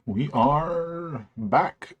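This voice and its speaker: A man running a tabletop game as game master, casual and relaxed, often opening with "alrighty". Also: on the high side, drawn-out words, husky, dull audio.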